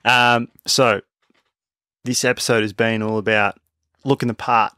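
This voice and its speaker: A man's voice: fairly low pitch, little pitch movement, measured pace, pushed and bright, clear, resonant tone, no room sound, clean studio sound. A man co-hosting a casual sports podcast, rambling with frequent restarts and fillers. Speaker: podcast co-host. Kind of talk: casual chat.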